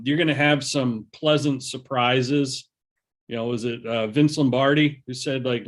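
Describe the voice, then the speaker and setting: Easygoing male podcast host. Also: medium pitch. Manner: conversational, loose asides, quotes sayings. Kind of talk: casual interview.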